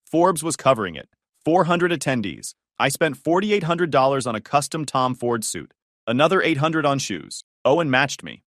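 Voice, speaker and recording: A man narrating a first-person family drama story in a dramatic, expressive storytelling manner. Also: mid-range voice, no room sound, studio quality.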